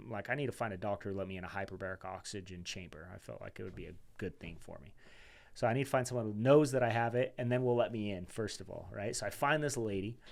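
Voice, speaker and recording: A man as a podcast guest telling a personal story in a casual, animated way. He talks loosely and calls his listener "dude" and "man". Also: lowish voice, vocal fry. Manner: chatty and animated, says "dude" and "man", acts out quoted dialogue.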